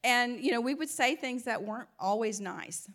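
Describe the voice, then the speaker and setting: A woman's voice: a little high, normal speed, a bit bright. A woman with a slight Southern US twang giving an informal Christian teaching, chatty, restarting her phrases and laughing often. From American South. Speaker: Christian speaker.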